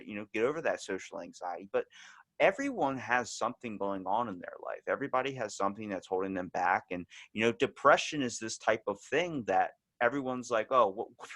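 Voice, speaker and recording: A man's voice: medium pitch, pushed and bright. A young man hosting a podcast, telling candid stories in a rambling, casual way with lots of filler words. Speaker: podcast host.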